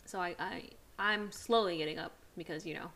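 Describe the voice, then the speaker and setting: A woman's voice: fairly low pitch, brisk, fairly bright tone. Chatty, swearing young woman podcaster. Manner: chatty storyteller, swears freely, dramatic retelling. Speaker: podcast co-host. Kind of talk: casual chat.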